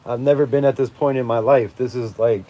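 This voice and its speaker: A man's voice: mid-range voice, steady tone, brisk, dark tone, dull audio. A man in his forties hosting a live fan stream, ranting with heavy swearing and frequent laughter. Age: 40s. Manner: profane, emphatic, laughing often. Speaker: fan channel host. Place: outdoors at night during a storm.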